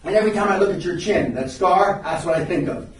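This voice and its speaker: An older man speaks with a fairly high voice, telling blunt, profane stories to a seminar room and often breaking off to restart his sentences. He is captured from a distance, and the room's strong echo rings around every line. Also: quick pace, a little hiss or hum. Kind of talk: live seminar storytelling. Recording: very echoey room, recorded from far off.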